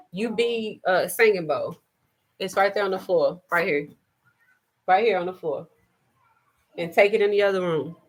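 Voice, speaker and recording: A woman hosting a spiritual live stream, speaking in an impassioned monologue with emphatic, repetitive, preacher-like phrasing and gentle asides. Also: lowish voice. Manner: shifts into soft, gentle asides to her child.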